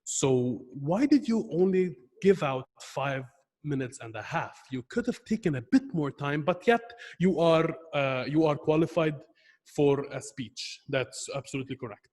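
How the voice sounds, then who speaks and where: A young man evaluating a club member's speech on a video call, earnest and halting, often restarting his words. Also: on the high side, animated, a little mellow, big-room sound.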